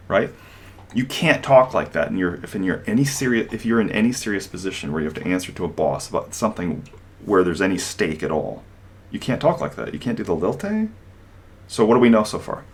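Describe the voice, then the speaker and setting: A man gives an opinionated, animated and sarcastic commentary monologue, slipping into mocking impressions. He speaks fairly quickly in a lowish voice.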